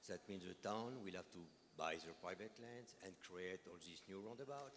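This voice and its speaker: Deep-voiced man with a French accent. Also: fairly bright tone. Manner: halting, many "uh" pauses. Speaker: resident asking a question. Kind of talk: public meeting question. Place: public meeting hall. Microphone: handheld microphone. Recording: long hall reverb with faint noise.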